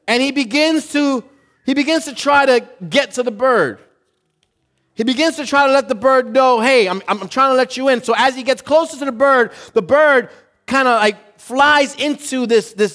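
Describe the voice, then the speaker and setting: A man's voice: very high voice, a bit bright. A man preaching a sermon through a story, asking the congregation questions and building to emphatic points.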